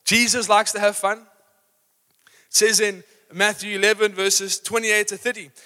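Man, live sermon, energetic and rousing, bright high voice, church hall reverb. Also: measured pace. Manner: energetic, rousing, acts out examples. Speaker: preacher. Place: church auditorium.

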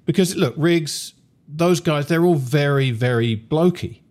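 A man co-hosting a sports podcast muses through the discussion in a slightly high, slightly slow voice with a darkish tone. He thinks aloud, hedging often and restarting his sentences again and again in this casual talk.

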